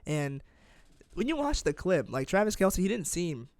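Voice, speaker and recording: A young man co-hosting a sports podcast, talking in rapid, animated bursts and often trailing off mid-sentence. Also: sits high, dry recording. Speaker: podcast co-host. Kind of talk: casual sports chat.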